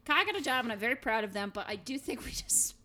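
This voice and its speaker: A woman co-hosting a podcast in casual chat, with a bright, somewhat high voice. Her pitch moves a lot as she teases and argues playfully. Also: lively intonation, fast, a little hiss or hum. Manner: teasing, argumentative, playful. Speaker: podcast co-host.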